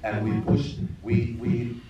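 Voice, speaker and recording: A middle-aged man from Finland, a film director telling stories at a screening Q&A, animated and laughing often. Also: mid-range voice, takes it slowly, dull audio. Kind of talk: live anecdote on stage. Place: large echoey cinema hall. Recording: distant, echoey theater recording with noise.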